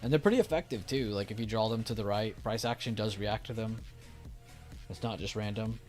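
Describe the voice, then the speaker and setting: Young male streamer, slightly low voice, loose chatty delivery, faint music underneath. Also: a little fast, a little mellow. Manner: loose and chatty, reads chat aloud, frequent restarts. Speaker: stock trading streamer. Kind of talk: casual live-stream chat.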